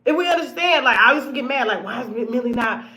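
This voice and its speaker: A woman hosting her own show, giving blunt, profane commentary in a casual monologue that swings between loud outbursts and hushed asides. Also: a little high, lively intonation, fast talker. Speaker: show host.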